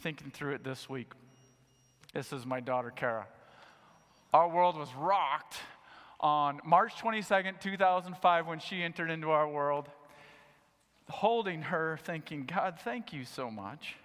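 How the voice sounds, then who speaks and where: Middle-aged male pastor, high bright voice, animated delivery with big acted-out reactions, long reverb of a sanctuary. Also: measured pace, pauses often. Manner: animated, acts out his own reactions in a raised voice. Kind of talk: sermon.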